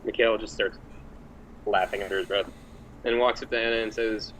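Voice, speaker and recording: A man playing a priest character in a tabletop role-playing game, speaking haltingly with fillers. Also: fairly low pitch, steady tone, fairly bright tone, slight background noise, poor audio. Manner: halting, with frequent fillers and restarts. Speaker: player.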